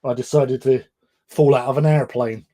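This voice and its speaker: A man's voice: mid-range voice, fairly even intonation, normal speed, mellow. English man telling a rambling story. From England. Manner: rambling, self-deprecating, laughs often. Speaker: livestream co-host. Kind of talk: casual storytelling chat.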